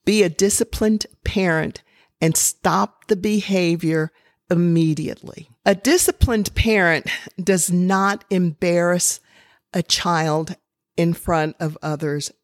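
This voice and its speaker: An older woman giving calm, instructive parenting advice, with personal stories mixed in. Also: lowish voice, slow pace, no echo, studio quality. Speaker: parenting advisor. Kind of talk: slow, measured advice talk.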